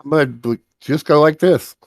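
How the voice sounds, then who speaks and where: Loud gravelly tabletop player. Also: male voice, a little high, moderate pace, dry recording, clean studio sound. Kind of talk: tabletop game play.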